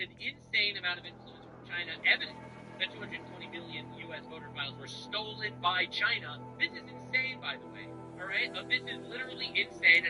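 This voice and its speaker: A male streamer giving casual political commentary, ranting with animated disbelief and cursing freely. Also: high-pitched, low-quality recording. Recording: music playing behind the voice.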